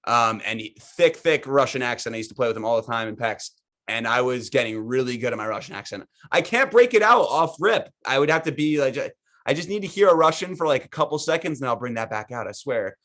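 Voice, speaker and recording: A man's voice: mid-range voice, lively intonation, quick pace, fairly bright tone. A young man chatting casually as a podcast guest over a video call, loose and jokey. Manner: loose and jokey, slips into put-on accents. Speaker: guest streamer.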